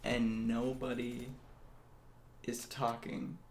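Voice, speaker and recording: Gravelly, slow-talking male storyteller. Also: mid-range voice, monotone. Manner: jokey, laughs at his own asides. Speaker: storyteller host. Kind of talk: casual storytelling. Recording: echoey room, faint hiss.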